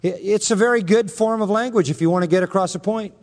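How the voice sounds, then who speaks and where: A man's voice: high-pitched, fast, in a large hall. A man preaching an expository sermon, emphatic and sarcastic, building in intensity as he drives his points home. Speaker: pastor.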